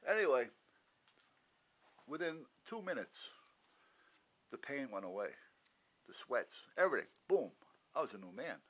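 A man at an ordinary pitch tells his own story in a casual, blunt way. He swears without apology and acts out what people said to him. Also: very animated, measured pace, pauses often, a bit bright, slightly rough, low-quality recording. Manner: blunt, swears freely, acts out quoted dialogue. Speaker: vlogger recounting his heart attack.

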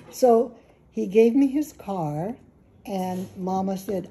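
A woman in her eighties from California telling a funny family anecdote at a small gathering, lively and laughing as she goes. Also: mid-range voice, slow, slight background noise. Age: 80s. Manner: lively, laughing, animated storytelling. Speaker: family storyteller. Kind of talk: casual anecdote among family.

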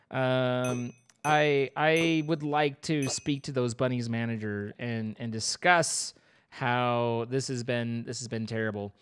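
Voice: medium pitch, fairly bright tone, clear, resonant tone. A young adult streamer giving playful, rambling live commentary over a game, breaking into squeals of mock panic.

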